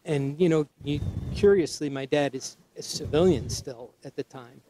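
A man's voice: fairly high pitch, moderate pace, noisy background. A man from Connecticut, a guest on an appraisal show, telling a family story hesitantly with many ums and restarts. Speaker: guest with collectibles. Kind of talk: casual storytelling.

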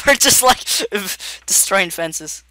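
A man hosting a casual gameplay video, goofy and excitable, giggling often as he talks. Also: sits high, extremely slow, no room sound. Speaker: gaming video host.

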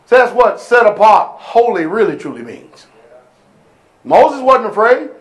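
High-voiced preacher man, fiery sermon. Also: very animated, unhurried. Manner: preaching loud with sudden shouts and drops. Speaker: pastor. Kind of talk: fiery call-and-response sermon.

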